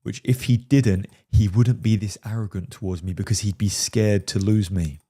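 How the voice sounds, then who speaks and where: A male dating coach commenting on a film clip in a low, mellow voice. He talks emphatically, hammering each point home and checking in with "right?" again and again. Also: fairly even intonation, moderate pace. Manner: emphatic, keeps asking "right?".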